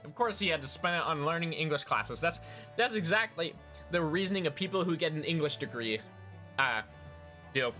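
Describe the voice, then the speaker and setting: A man's voice: on the high side, expressive, brisk, sharp tone, soft background music. Joking young man streaming a game. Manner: casual, joking, swears freely. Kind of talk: let's play commentary.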